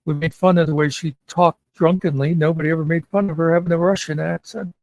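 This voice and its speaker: A man's voice: on the high side, steady tone, fast, vocal fry, darkish tone, no echo, rough recording. A man hosting a casual chat show, rambling and meandering with many fillers. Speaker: podcast host.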